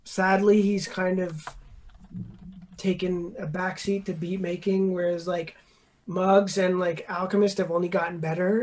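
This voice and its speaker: Young male producer, laid-back rambling talker, heavy on fillers. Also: high voice. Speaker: beat producer. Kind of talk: casual podcast chat.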